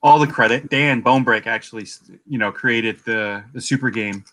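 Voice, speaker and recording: A man who organizes events, chatting easygoingly over a video call with halting, filler-heavy speech. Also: medium pitch, bright, forceful tone. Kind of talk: casual video-call chat.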